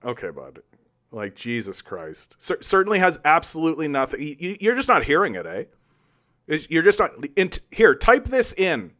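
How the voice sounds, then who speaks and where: A man's voice: a little high, huge pitch swings, moderate pace, fairly bright tone. A man hosting a solo political commentary show, arguing with chat in a combative, sarcastic and profane way. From Canada.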